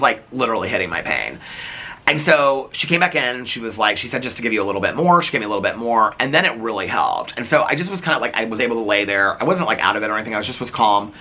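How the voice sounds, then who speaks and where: A man vlogging, retelling a hospital visit in a rambling, animated way, full of "like" fillers and acted-out quotes. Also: lowish voice. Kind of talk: casual storytelling to camera.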